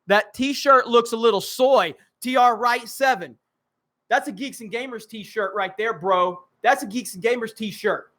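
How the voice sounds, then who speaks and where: A young man with a Southern US accent hosting a casual live stream, rushing through chat comments with joking, self-mocking asides. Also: very high-pitched, sharp tone.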